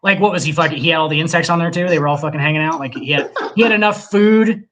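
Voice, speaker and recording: A man co-hosting a casual podcast, ranting with lots of profanity and animated emphasis. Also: a little high, racing, dull audio, noisy background. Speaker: podcast co-host.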